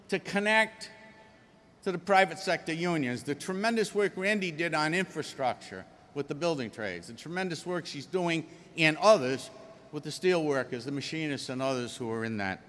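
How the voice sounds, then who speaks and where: Emphatic, folksy union speaker, man with a Rhode Island accent, slightly high voice, recorded in a reverberant hall. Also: a bit bright. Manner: folksy, emphatic, jokes with the audience. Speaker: union leader addressing a convention. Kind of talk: convention speech.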